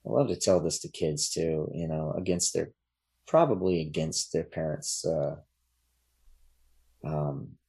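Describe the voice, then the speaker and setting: A man talking as a podcast guest in casual chat, relaxed and rambling, with many fillers and restarts. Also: a bass voice, a little slow, pauses often, slightly rough.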